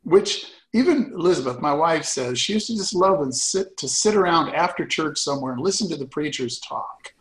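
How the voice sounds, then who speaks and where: A man's voice: on the high side, expressive, normal speed, few pauses, rough recording. An older man, a retired pastor, telling folksy stories with frequent laughs in a casual conversation.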